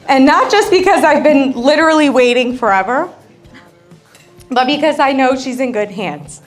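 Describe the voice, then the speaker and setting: Give me a woman with a slightly high voice giving a slow, joking wedding toast as the bride's sister. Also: lively intonation. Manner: joking and self-deprecating, laughs often. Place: wedding reception with guests. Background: faint crowd and music.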